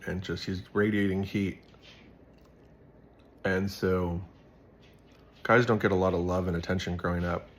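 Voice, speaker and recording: A man's voice: deep voice, fairly bright tone, slight background noise. A young man hosting a casual Bible devotional, telling stories in a rambling way full of "like" and fillers. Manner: rambling, filler-heavy storytelling with lots of "like".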